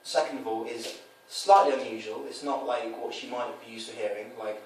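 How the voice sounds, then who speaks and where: Crowd noise sits behind a dating coach who talks fairly quickly, with hardly any pauses, in a medium-pitched voice. He casually explains his coaching and animatedly voices quoted lines in different tones. There's roomy echo, a distant mic and faint noise too.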